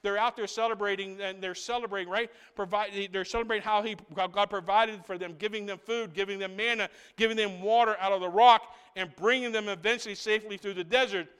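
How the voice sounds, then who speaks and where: Guy preaching in church, high smooth voice, goes big then drops way quiet, keeps saying "right?". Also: steady tone, fairly quick, hardly any pauses, big-room sound. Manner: swings between loud, rising proclamation and hushed, intimate asides; keeps checking in with the congregation with a repeated "right?". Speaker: pastor. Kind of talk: sermon.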